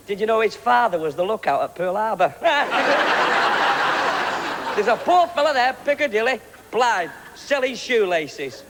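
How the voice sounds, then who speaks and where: A man's voice: sits high, fairly bright tone. A man from Manchester, telling cheeky gags in a chatty stand-up routine. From Manchester, England. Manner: cheeky, chatty gag delivery. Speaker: stand-up comedian. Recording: reverberant TV studio with clear hiss.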